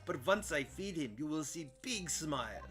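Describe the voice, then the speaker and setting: A man's voice: on the high side, lively intonation, normal speed, close to an everyday voice. A brash, doting circus woman, put on by a man, dropping her articles and hammering each word. Game music plays under the voice. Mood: emphatic. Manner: broken English, dropping articles, loud and emphatic. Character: bold Russian circus woman, doting snake owner.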